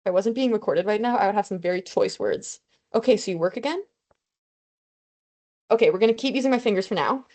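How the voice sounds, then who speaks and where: A woman's voice: medium pitch, fast talker, pauses often, darkish tone. Chatty young woman tutoring online. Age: young adult. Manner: casual, self-deprecating, chatty. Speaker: student tutor. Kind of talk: online review lesson.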